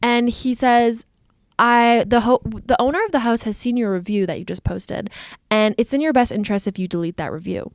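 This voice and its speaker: A young woman from Canada, co-hosting a podcast and telling a story in animated casual chat, acting out the dialogue. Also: a little high, normal speed, no echo, studio quality. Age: young adult. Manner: animated, acts out dialogue, frequent "like". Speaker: podcast co-host.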